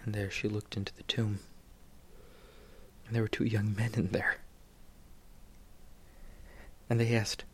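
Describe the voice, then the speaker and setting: A man's voice: on the low side, level tone, normal speed, long pauses, breathy edge. A man preaching a sermon, retelling a story dramatically, dropping to near whispers and then rising sharply.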